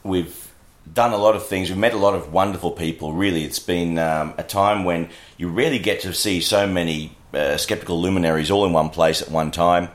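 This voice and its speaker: A man's voice: deep voice, steady tone, fairly quick, few pauses. A man from Australia chatting enthusiastically as a podcast guest. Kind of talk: casual chat.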